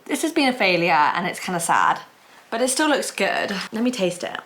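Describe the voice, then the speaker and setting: Chatty, excitable young woman vlogging. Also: mid-range voice, normal speed. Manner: chatty and excitable, with frequent fillers and exclamations. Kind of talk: casual vlog chat. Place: outdoors on a walk and indoors at home.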